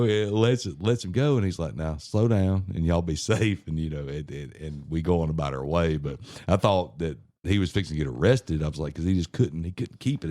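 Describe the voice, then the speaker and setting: A man with a very deep, dark voice, chatting on a podcast. He tells his stories in a rambling, halting way, full of fillers and restarts. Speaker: podcast co-host. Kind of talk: casual storytelling chat.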